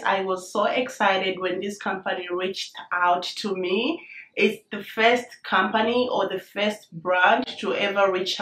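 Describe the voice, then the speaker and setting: A woman hosting a casual unboxing vlog, excited and chatty, often saying "you guys", her voice a little hoarse from a cold. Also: medium pitch, reverberant. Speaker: vlogger reviewing a handbag.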